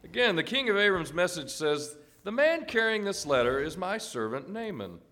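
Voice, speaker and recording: A man's voice: high-pitched, very animated, normal speed, pushed and bright. A man reading scripture aloud during a sermon, giving the verses expression. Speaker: scripture reader.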